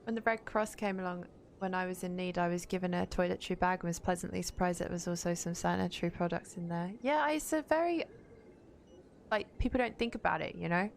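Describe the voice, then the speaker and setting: A woman's voice: fairly low pitch, fairly even intonation, fast talker, gravelly, a little hiss or hum. A young woman streaming a game, chatting bluntly with viewers and swearing freely. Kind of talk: casual gaming stream chat.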